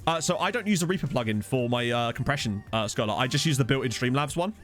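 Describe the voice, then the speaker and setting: A man with an expressive mid-range voice and fairly bright tone talks at a quick pace while streaming a football management game. Soft music plays behind him as he jokes casually and answers viewers' chat on a desk USB condenser mic.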